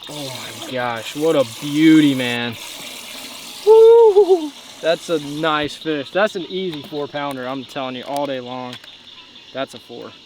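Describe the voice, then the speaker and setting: A young man vlogging from a boat on a night fishing trip, excitedly exclaiming as he talks, with crickets behind him outdoors. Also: mid-range voice, measured pace, a little hiss or hum. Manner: excitable, exclaiming, breaks into whoops. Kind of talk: excited outdoor vlog commentary. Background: crickets and insects at night.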